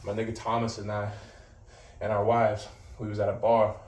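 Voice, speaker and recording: A man's voice: lowish voice, little pitch movement, normal speed, a little mellow, recorded from a distance. A man vlogging straight to the camera in blunt, slangy talk peppered with swearing and brags, sounding a little out of breath. He is some way from the mic, so his voice carries the echo of the room, and a faint hiss of noise runs underneath. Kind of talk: casual direct-to-camera vlog talk.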